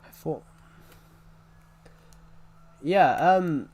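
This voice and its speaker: A man's voice: a little high, drawn-out words, a little mellow, breathy edge. A man giving casual gameplay commentary as a channel host, rambling and often repeating and correcting himself as he talks.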